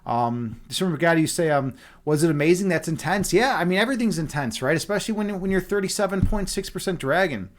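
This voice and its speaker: A man's voice: high voice, animated, fast, few pauses, slight background noise. A man hosting a livestream, chatting casually with his viewers in a loose, playful, rambling way with lots of fillers. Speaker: livestream host reading chat.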